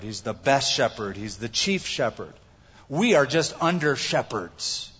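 Husky pastor preaching in a hall. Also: male voice, medium pitch, a bit bright, lo-fi sound. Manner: emphatic, repeats key phrases. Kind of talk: sermon. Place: church sanctuary.

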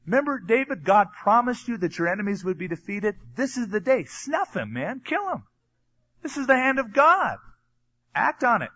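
A preacher putting on a pushy, eager soldier. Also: male voice, high-pitched, moderate pace, husky, no room sound, dull audio, voice pushed up, exaggerated voice. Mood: eager, urging. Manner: excited, pushy urging. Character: eager young male soldier urging a kill.

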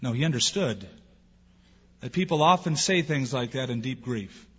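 A man's voice: mid-range voice, lively intonation, normal speed, fairly bright tone, slightly rough. A man preaching a sermon as pastor, asking rhetorical questions and acting out the people he quotes. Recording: dull sound with long hall reverb.

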